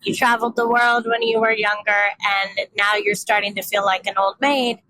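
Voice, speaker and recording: Casting: bright, forceful woman in her thirties, candid rambling vlogger, light background hiss. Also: mid-range voice, fairly even intonation, moderate pace, rough recording. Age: 30s. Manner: candid, rambling, self-deprecating, swears freely. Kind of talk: casual personal vlog.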